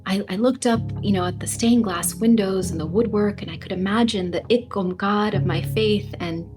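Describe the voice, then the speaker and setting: A woman's voice: mid-range voice, moderate pace, over music. A woman as a podcast guest, telling a personal story in a vivid, heartfelt way, with laughs between phrases.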